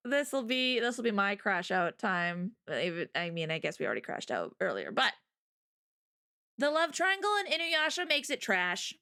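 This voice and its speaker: A woman co-hosting a casual livestream chat, talking in an animated, emphatic rant. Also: mid-range voice, moderate pace. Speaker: streamer co-host. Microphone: streaming mic.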